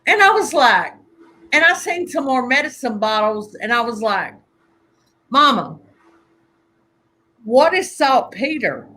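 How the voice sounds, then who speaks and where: A woman telling family stories in a casual conversation, animated and laughing often as she acts out voices. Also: high voice, slow pace, long pauses, slight background noise. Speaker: guest conjure teacher.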